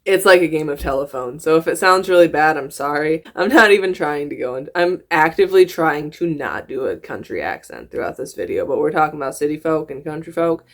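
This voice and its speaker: Woman, slight Southern drawl, lowish voice, giggly, rambling, casual reaction commentary. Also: brisk, few pauses. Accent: slips into a Southern US drawl. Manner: rambling, giggly, self-mocking. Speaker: reaction video host.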